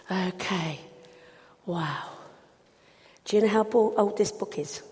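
A woman giving an animated, expressive children's talk in church. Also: on the high side, big-room sound.

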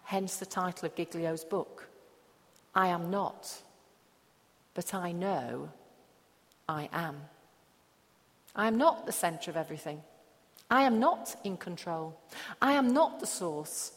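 A woman pastor preaching a sermon, slow and emphatic with long pauses. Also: on the low side, expressive. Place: church hall. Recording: echoey hall.

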